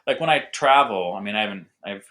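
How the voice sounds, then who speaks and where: A man's voice: lowish voice, expressive, quick pace, bright, forceful tone. A young adult man being interviewed as a winemaker, talking eagerly and rambling with lots of fillers. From North America. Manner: enthusiastic, rambling with many fillers. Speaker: winemaker guest. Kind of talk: casual conversational interview.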